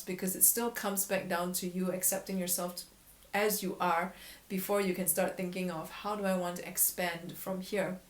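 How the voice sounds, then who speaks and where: A woman voice coach talking candidly to camera in a vlog, reflective and often laughing at herself. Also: on the low side. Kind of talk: casual vlog talk to camera. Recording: echoey room.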